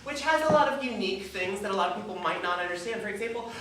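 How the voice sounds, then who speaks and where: A woman comedian performing live stand-up with self-deprecating, animated delivery at a small venue. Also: medium pitch, rapid-fire. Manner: self-deprecating, animated, lots of put-on voices. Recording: echoey live room, distant mic, noisy.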